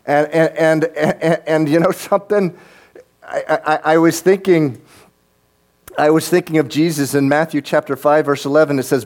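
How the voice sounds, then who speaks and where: A middle-aged man preaching a sermon as pastor, earnest and halting, often repeating words as he starts a sentence. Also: a little high, darkish tone.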